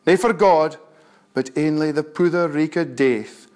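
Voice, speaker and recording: A man reciting verse in a broad North-East Scots accent, a little above the usual pitch for a man. He takes each line slowly and deliberately. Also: darkish tone. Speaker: poet. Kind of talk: poetry recital.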